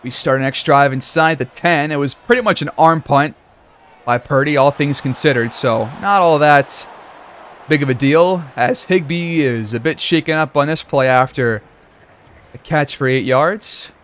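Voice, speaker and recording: A man giving play-by-play commentary over a football video game, reacting loudly to big plays. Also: on the high side, normal speed. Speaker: gaming commentator.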